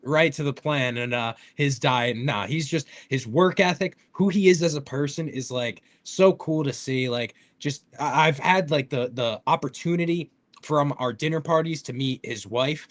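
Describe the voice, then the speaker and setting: A man with a slightly higher-pitched voice chats about sports on a casual podcast. He tells stories with lots of enthusiasm, filling them with likes and restarting his sentences. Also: normal speed. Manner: enthusiastic storyteller, many fillers and restarts.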